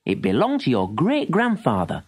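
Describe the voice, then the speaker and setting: A man putting on a kindly old gypsy grandmother for a storybook tape. She speaks high and gently, with a lively, rising lilt and a firm, caring manner. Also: normal speed, husky. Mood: tender, firm.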